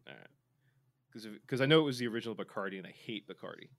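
A man's voice: fairly low pitch, animated, very fast, gravelly, fairly bright tone. A man co-hosting a podcast in casual chat, joking and playful, reading listener messages aloud. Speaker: podcast co-host.

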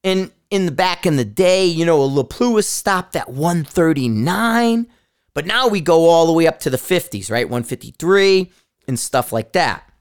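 Podcast host, man, smooth clear voice, excitable rambling storyteller who swears a lot. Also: a little high, normal speed. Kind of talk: casual talk about shooting.

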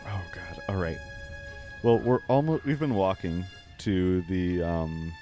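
A man hosting an improvised comedy chat in a deadpan, mock-serious way. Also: low-pitched, measured pace, faint music behind.

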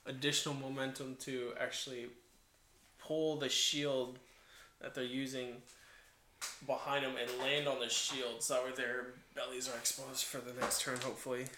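A man's voice: medium pitch, flat delivery, normal speed, sharp tone, reverberant, a little hiss or hum. A man playing a tabletop game, playful and cheering his goblins on. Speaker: player.

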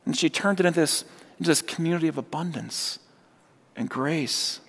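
A man's voice: a little high, normal speed, vocal fry, a bit bright. A man preaching a sermon, telling stories and acting out the voices of the people in them. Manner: storytelling, acts out quoted voices. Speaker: pastor. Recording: long hall reverb.

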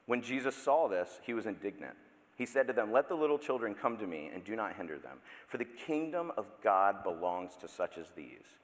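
Casual preacher in a big reverberant hall. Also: male voice, lowish voice. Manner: conversational, self-interrupting, playful asides. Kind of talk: sermon. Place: church sanctuary. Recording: long reverb of a large hall.

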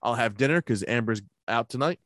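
A man's voice: mid-range voice, lively intonation, brisk, fairly bright tone, no echo, studio quality. A man in casual chat, telling long profane stories about his workday and acting out what everyone said, laughing along. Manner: acts out both sides of remembered conversations.

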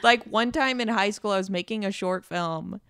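A young adult woman hosting a podcast, chatting casually and telling animated stories with quoted voices. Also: medium pitch, moderate pace, clean tone, no echo, studio quality. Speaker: podcast host. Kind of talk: casual chat.

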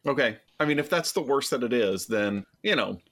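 A man co-hosting a casual podcast chat, relaxed and chiming in with short comments. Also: medium pitch, fairly quick. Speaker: podcast co-host.

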